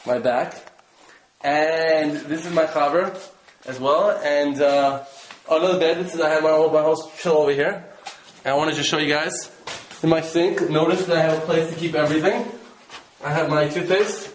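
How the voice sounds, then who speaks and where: A man casually telling the story of his trip, animated and laughing, acting out his own exclamations. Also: fairly high pitch, echoey room, slight background noise, rough recording. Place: rented room.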